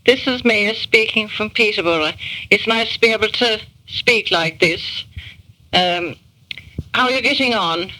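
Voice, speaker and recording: A woman's voice: medium pitch, a little slow, bright, forceful tone, a little hiss or hum, low-quality recording. A woman recording a spoken message to family, hesitating often with ums and uhs.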